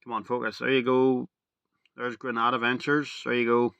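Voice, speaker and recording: A young man talking casually to camera as a video reviewer, rambling and excitable, full of "like" and "literally". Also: mid-range voice, normal speed, gravelly, lo-fi sound, a little hiss or hum.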